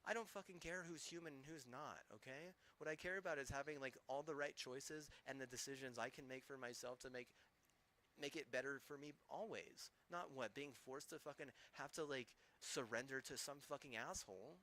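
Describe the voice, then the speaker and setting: A man's voice: medium pitch, fairly quick, sharp tone. A man streaming, ranting angrily with heavy swearing and rambling, restarting sentences. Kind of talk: angry profane rant.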